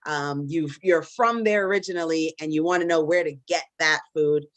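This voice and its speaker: A woman's voice: low-pitched, normal speed, fairly bright tone, no room sound. Chatty woman hosting a live debate. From Caribbean diaspora in the US. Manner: chatty, many fillers and restarts, self-deprecating. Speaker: podcast host and debate moderator. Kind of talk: casual live-stream moderation.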